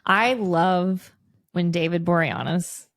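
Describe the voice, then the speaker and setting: A woman co-hosting a podcast, chatting casually and quoting characters in quick animated bits. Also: fairly low pitch, dry recording, clean studio sound. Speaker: podcast co-host. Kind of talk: casual chat recapping a TV episode.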